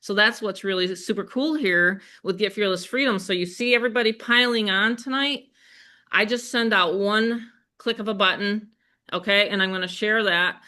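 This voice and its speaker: Bright chatty Western New York grandmother. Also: medium pitch. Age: older. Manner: chatty, upbeat, asks the audience questions. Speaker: webinar host. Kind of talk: live sales webinar pitch.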